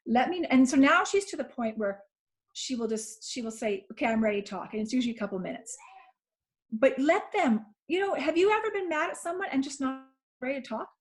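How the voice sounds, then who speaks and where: A woman's voice: high voice, expressive, brisk. A woman parenting coach talking earnestly on a video call, often repeating herself and acting out what she and her child said. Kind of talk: casual webinar chat.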